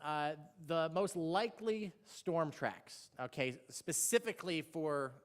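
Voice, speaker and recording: A man, a meteorologist running the seminar, presenting to a room with an upbeat, halting delivery full of ums and restarts. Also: fairly high pitch, lively intonation. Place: seminar room before an audience. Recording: reverberant hall.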